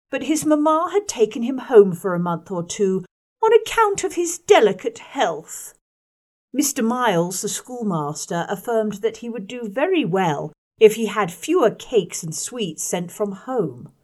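A woman narrating a first-person story in a measured audiobook reading, letting her voice drop soft on the quiet passages. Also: medium pitch.

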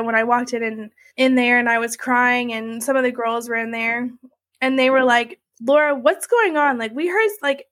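A woman's voice: on the high side, a bit bright, no echo. A woman telling her own story in a candid, conversational way, with many fillers like "like" and "you know". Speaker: interviewee sharing her story.

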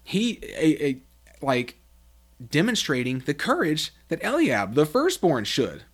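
A man hosting a Bible study podcast, reading scripture aloud and explaining it, acting out quoted lines with big pitch jumps. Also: huge pitch swings, measured pace, husky.

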